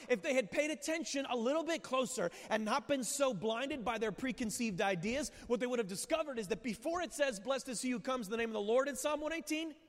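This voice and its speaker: A man preaching a sermon as a pastor, telling stories with lively rhetorical asides and questions to the church. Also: high voice. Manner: animated storytelling, rhetorical asides. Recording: long hall reverb.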